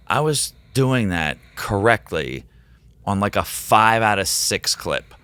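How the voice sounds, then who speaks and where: Excitable male teacher guest, rambling storyteller, slightly low, smooth clear tone. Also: a little slow, no room sound. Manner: rambling, excitable, quotes himself in animated voices. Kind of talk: casual storytelling in a podcast interview.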